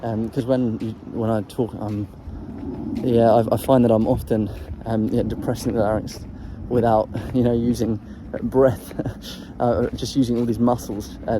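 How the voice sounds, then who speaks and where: A man's voice: medium pitch, level tone, normal speed, background noise. A man talking casually in a vlog about singing technique, hesitant and full of ums and restarts, breaking off to demonstrate throat sounds. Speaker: voice coach sharing singing tips.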